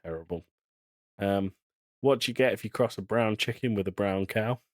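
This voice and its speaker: A British man co-hosting a podcast in casual chat, telling jokes in a deadpan way. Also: fairly low pitch, normal speed, no echo, clean studio sound. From Britain. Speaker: podcast co-host.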